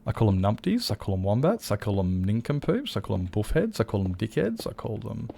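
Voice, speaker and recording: A man chats to his viewers during a game stream in a low voice. His tone has a gravelly fry throughout. He rambles loosely, swears freely and often stops to correct himself. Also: big pitch swings, brisk, mellow, a little hiss or hum. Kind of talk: casual live-stream chat.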